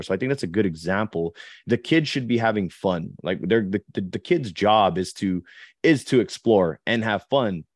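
A man's voice: on the low side, animated, brisk, no room sound, clean studio sound. A man co-hosting a casual podcast, talking conversationally with lots of "like" and "you know". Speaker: podcast co-host.

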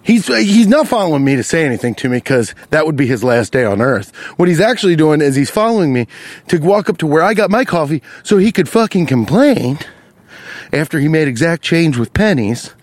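A man's voice: a little high, fairly quick, no echo. A man hosting a podcast, fired up and telling a comedic story with lots of swearing while acting out the people in it. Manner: animated, profane, acts out the people in his story. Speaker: podcast host.

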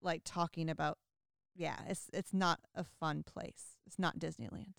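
A woman's voice: sits low, steady tone, measured pace, vocal fry, no room sound, clean studio sound. A woman hosting a podcast in casual chat, talking in a gushing way with lots of fillers. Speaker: podcast host.

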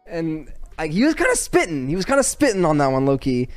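Casting: young male podcast host, rambling and filler-heavy, slightly higher voice. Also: huge pitch swings, brisk, faint music behind. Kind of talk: casual chat.

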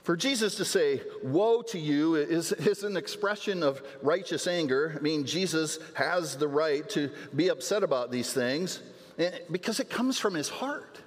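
A man delivering a sermon as pastor, in a voice pitched somewhat high for a man. He talks earnestly and often doubles a word as he restarts a phrase. His voice rings with the long reverb of a large church hall. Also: expressive, normal speed. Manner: earnest preaching with repeated words and restarts. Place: church sanctuary.

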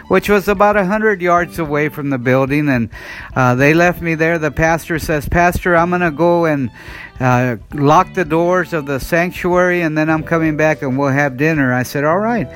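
Earnest, high-voiced preacher telling a testimony. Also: male voice, normal speed, a bit bright. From United States. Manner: earnest storytelling, many "and, uh" restarts. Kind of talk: sermon with personal testimony. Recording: faint guitar music behind.

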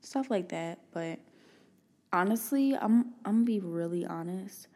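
A woman's voice: medium pitch, animated, measured pace, warm tone. A young woman, co-hosting a podcast in casual, slangy banter with lots of laughter. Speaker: podcast co-host.

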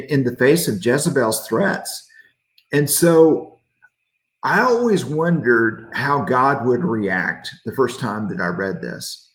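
A man's voice: mid-range voice, echoey room. A middle-aged man giving a casual midweek devotional as a pastor, joking in a folksy way and reading out viewer comments.

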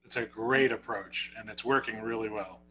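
A man with a New Jersey accent co-hosting a podcast interview, talking in a halting way full of filler sounds. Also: lowish voice, sharp tone, poor audio. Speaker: podcast co-host. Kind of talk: casual interview chat.

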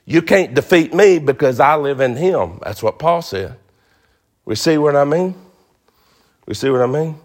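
A man's voice: a little high, lively intonation, measured pace, long pauses. A male pastor preaching a sermon in a folksy, emphatic way, repeating phrases for stress.

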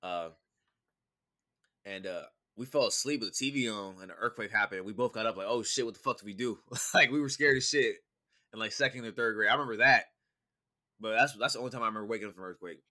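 Bright-voiced young man, casual and profane. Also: fairly low pitch, fast talker. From California. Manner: laid-back, profane storytelling with many fillers. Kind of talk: casual chat.

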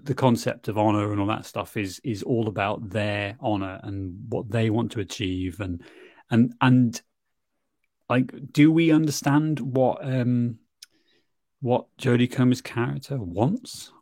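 A man co-hosting a podcast, chatting casually about a film, halting and restarting as he thinks aloud. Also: fairly low pitch, no echo, studio quality. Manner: halting, restarts often, laughs along. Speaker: podcast co-host. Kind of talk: casual film-review chat.

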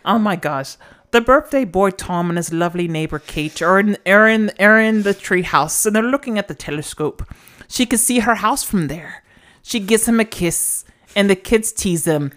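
A woman co-hosting a podcast, recapping a movie in casual chat, giggly and halting as she tells it. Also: mid-range voice, expressive, a bit bright. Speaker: podcast co-host.

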